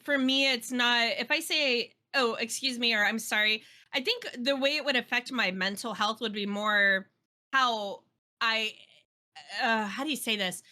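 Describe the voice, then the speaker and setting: Woman, podcast co-host, chatty, self-deprecating, bright voice. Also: on the high side, measured pace. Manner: chatty and self-deprecating, laughs between phrases. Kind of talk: casual chat.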